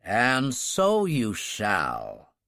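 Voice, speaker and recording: A male narrator voicing an indulgent, measured American president. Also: medium pitch, huge pitch swings, vocal fry, fairly bright tone, no echo, studio quality, voice pushed down, exaggerated voice. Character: indulgent American president, middle-aged man.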